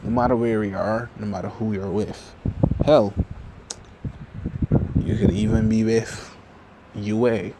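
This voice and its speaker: A man voicing a cold, menacing teenage boy hero with a flat, threatening delivery, over background noise. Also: fairly low pitch, measured pace, pauses often.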